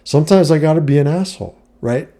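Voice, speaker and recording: Talking fast in a warm, slightly high voice, a middle-aged vlogger gives life advice straight to camera. He's blunt and profane, asking "you know what I mean" after almost everything he says in this relaxed monologue.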